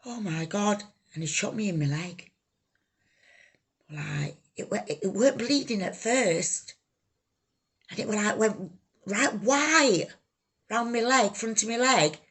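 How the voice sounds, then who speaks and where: A woman telling her own life story, halting, raw and emotional, swearing freely. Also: mid-range voice, lively intonation, fairly bright tone, slightly rough. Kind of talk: personal life story told to camera.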